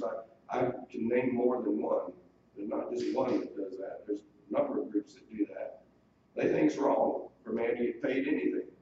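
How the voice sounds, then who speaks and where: A male pastor from the United States preaches a sermon, earnestly explaining scripture and quoting it in old wording. His voice is medium-pitched with a dark tone. The mic is distant in a very echoey room, giving a dull lo-fi sound with faint hiss.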